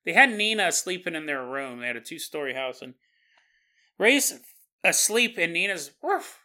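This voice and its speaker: A man's voice: a little high, sing-song, normal speed, bright, forceful tone. A man hosting a podcast, telling a story in a casual, conversational way with asides to the listener. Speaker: podcast host.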